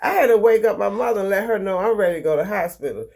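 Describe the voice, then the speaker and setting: A woman in her sixties with a Baltimore accent, lively and dryly humorous as she tells a family story. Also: mid-range voice, racing, creaky. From Baltimore, Maryland. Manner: lively storyteller, animated quoting, dry humor. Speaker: vlogger's mother. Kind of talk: storytelling in casual chat.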